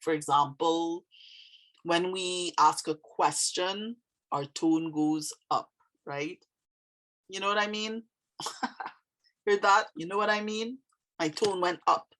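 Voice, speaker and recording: Low voiced lady teacher rambling thru a lesson, lots of um and like. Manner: thinking aloud with fillers and restarts. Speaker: language teacher. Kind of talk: casual explainer monologue.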